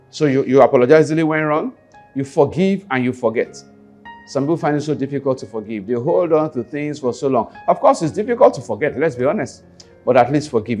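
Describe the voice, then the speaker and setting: A man's voice: fairly high pitch, darkish tone. Emphatic Nigerian man coaching. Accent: Nigerian English. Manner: emphatic, repeats key phrases, asks the listener rhetorical questions. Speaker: life skills coach. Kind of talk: motivational teaching talk.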